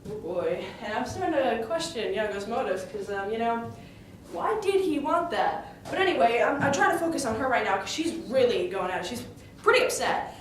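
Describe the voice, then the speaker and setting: A woman's voice: on the high side, big pitch swings, brisk, slight background noise. A woman retelling a play in character in a casual way, full of fillers like "like" and "you know.". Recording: echoey room, voice far from mic, music behind.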